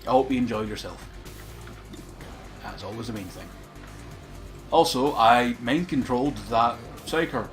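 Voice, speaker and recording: A man's voice: medium pitch, measured pace, pauses often, faint music behind. A man chatting casually on a live game stream, rambling and swearing as he talks to viewers.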